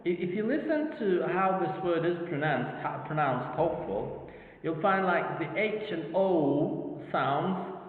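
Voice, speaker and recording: A man giving a slow, repetitive phonetics lecture, checking in with "okay?", speaking English as a non-native speaker. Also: fairly high pitch, animated. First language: Arabic. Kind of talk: university lecture. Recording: tinny, echoey hall recording.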